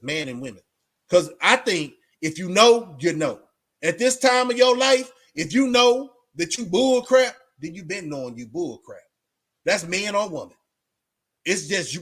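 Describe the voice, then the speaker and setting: A man's voice: sits high, fairly bright tone. Emphatic man preaching straight talk. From Texas. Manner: preachy, emphatic, repeats himself. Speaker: vlogger. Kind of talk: casual straight-talk monologue.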